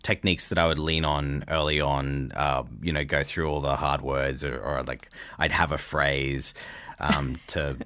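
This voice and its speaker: A man's voice: rumbling low, little pitch movement, a little slow, pushed and bright, smooth, no echo, studio quality. A middle-aged Australian man with an Australian accent, chatting casually as a voice-actor guest, laughing often and restarting his sentences. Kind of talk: casual interview chat.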